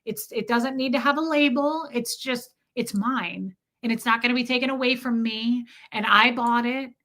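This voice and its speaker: Bright-voiced woman streamer, candid. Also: a little high, moderate pace. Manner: candid, animated storytelling, acts out quotes. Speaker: live streamer. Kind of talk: casual livestream chat.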